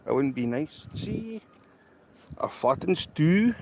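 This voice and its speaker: A man's voice: on the high side, very animated, takes it slowly, a little hiss or hum. A Scottish man chatting casually to viewers on a live stream by a railway line outdoors, rambling and emphatic and repeating himself, into a handheld camera. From Scotland. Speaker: trainspotting livestreamer.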